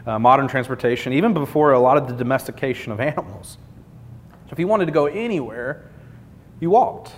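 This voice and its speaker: A man preaching a sermon in an earnest, conversational way, building points through repetition. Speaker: pastor. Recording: long hall reverb, faint rumble.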